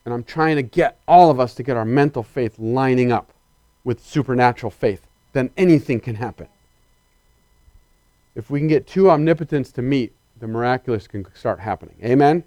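In this sermon, the male preacher is emphatic and lively, addressing questions directly to the congregation and alternating between excited volume and soft earnestness. His voice is medium-pitched at a normal speed, with no room sound.

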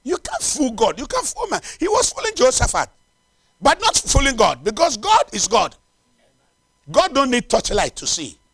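A male preacher with a high voice that leaps up and down as he builds to loud declarations and then drops to hushed asides. He repeats phrases to drive them home. The sound is dry and close. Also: wildly swooping pitch, moderate pace, slightly rough, no echo. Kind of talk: sermon with closing prayer.

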